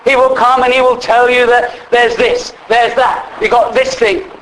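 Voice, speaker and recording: A man's voice: very high voice, flat delivery, normal speed, fairly bright tone, slight background noise, low-quality recording. A man preaching in a church, telling a story in a conversational way, repeating words and asking the listeners questions. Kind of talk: storytelling sermon.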